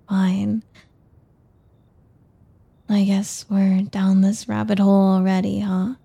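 A woman's voice: mid-range voice, monotone, slow pace, gravelly, long pauses, mellow, breathy edge, exaggerated voice. A young woman voicing a shy, nervous young woman in an audio role-play, talking hesitantly and stumbling over her words with many restarts.

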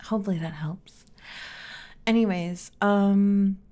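A young woman chatting casually and rambling on her own, sounding tired and sleepy, with heavy vocal fry and many fillers. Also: mid-range voice, takes it slowly, warm tone. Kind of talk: casual solo chat.

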